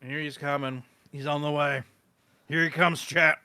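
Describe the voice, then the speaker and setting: A man's voice: on the high side, little pitch movement, moderate pace, bright, forceful tone, clear, resonant tone. A man with a British accent chatting casually on a live stream, rambling and self-mocking with crude jokes. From Britain.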